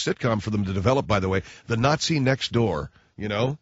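A blunt, sarcastic radio talk show host rants into a studio mic in a talk radio monologue. His lowish voice is expressive and breathy-edged, moving briskly with few pauses, and the recording is dry and dull.

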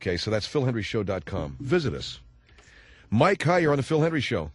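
A man's voice: mid-range voice, very animated, brisk, dry recording. A middle-aged man hosts a call-in radio show in a loose, rambling, joking way. His voice sits in a middle register and is recorded on a close, dry studio mic. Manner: chatty, jokey, rambling. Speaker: radio talk show host. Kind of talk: casual radio chat.

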